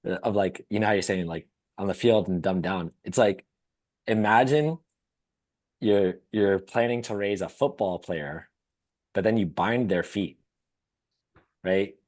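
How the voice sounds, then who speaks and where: A man's voice: lowish voice, unhurried, pauses often, darkish tone. A man co-hosting a podcast, teasing and laughing often as he banters. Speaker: podcast co-host. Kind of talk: casual podcast chat.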